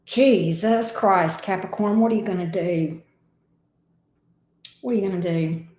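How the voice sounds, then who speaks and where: A woman's voice: lowish voice, moderate pace, dark tone, roomy sound. A woman giving a casual, emotional tarot reading. She talks expressively and swears now and then. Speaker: tarot reader.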